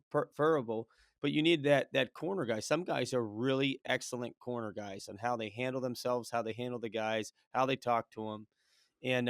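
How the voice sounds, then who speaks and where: A man who coaches wrestling, talking in an energetic, rambling way on a casual podcast and telling stories about coaching. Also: mid-range voice, clean tone, no room sound, studio quality. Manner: energetic, storytelling, rambling with restarts.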